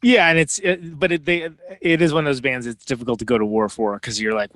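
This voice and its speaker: A man hosting a podcast in casual chat, chiming in with quick agreements and laughing along. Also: mid-range voice, steady tone, a bit bright. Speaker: podcast host.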